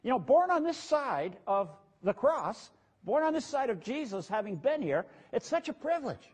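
A man's voice: extremely high pitch, big pitch swings, moderate pace, a little mellow, breathy edge. A man preaching a conversational sermon as pastor, plain-spoken and casual, with asides to his congregation.

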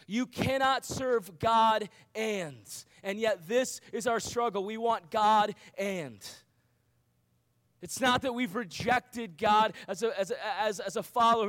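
High-voiced man preaching earnestly. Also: a bit bright. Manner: earnest preaching with rhetorical questions and emphatic repetition. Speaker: youth pastor. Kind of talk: sermon.

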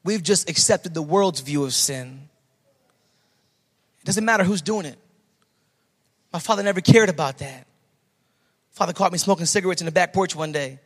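A male pastor preaches with a notably high voice, leaning hard on repeated phrases to drive each point home. His words ring out with a long reverb tail that fills the church around him. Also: normal speed, pauses often. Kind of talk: sermon.

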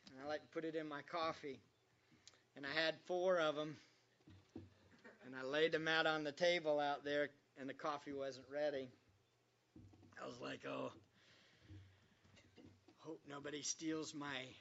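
A man's voice: on the high side, fairly even intonation, moderate pace, long pauses, a bit bright, muffled recording, slight background noise. A male pastor preaching a sermon in a conversational, joking way, quizzing the congregation as he goes.

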